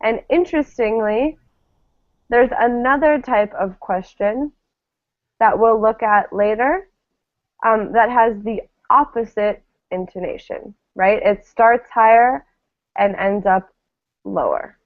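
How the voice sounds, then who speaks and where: A woman teaching an online English class, explaining things patiently and pausing with frequent ums. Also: fairly high pitch, no echo. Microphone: video call. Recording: tinny phone-like call audio, dry.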